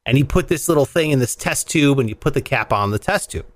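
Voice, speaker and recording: A man telling a story in casual chat, animated, swearing and acting out voices. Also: medium pitch, quick pace, dry recording.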